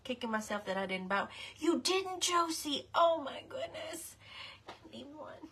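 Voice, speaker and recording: A woman's voice: high-pitched, very animated, measured pace, bright, forceful tone. A middle-aged woman hosting a casual live craft stream, chatty and apologetic, greeting her viewers by name. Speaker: craft livestream host.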